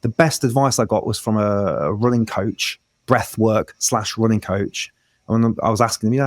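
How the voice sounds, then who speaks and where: A man's voice: fairly low pitch, steady tone, normal speed, no echo, studio quality. A man, a breath work coach, explaining techniques in a casual interview with frequent restarts.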